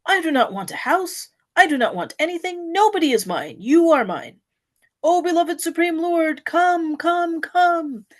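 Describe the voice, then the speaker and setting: A woman voicing a grown man who weeps and pleads for God, with drawn-out tearful calls. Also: very high-pitched, lively intonation, pitched above the performer's own voice. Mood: desperate.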